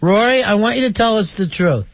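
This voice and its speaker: A man's voice: sits high, expressive, a little fast, no echo. A man hosting a radio call-in show, needling his guest in studio banter. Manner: teasing, needling. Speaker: radio host. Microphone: studio mic. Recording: dull dry radio broadcast.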